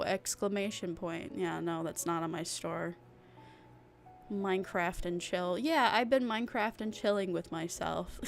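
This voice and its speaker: A woman streaming as a VTuber, chatting casually with her live chat in a rambling, giggly way. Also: medium pitch. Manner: giggly, rambling, drawn-out talk.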